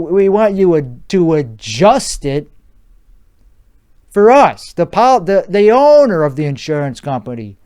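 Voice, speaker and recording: A man's voice: a little high, darkish tone. Crude, rambling man riffing solo. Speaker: podcast host. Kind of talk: solo comedic riff in character.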